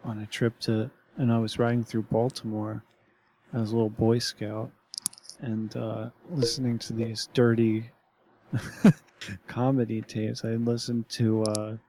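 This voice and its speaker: A man's voice: fairly low pitch, flat delivery, a little slow, mellow, a little hiss or hum. A man telling a story in casual podcast chat, rambling and restarting often with lots of fillers.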